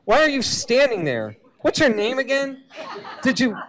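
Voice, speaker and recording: A man's voice: big pitch swings, normal speed, a bit bright, heavily acted, rough recording. A man voicing a frazzled, forgetful cancer patient who is confused and panicky. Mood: frantic. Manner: shrill, frantic and scattered.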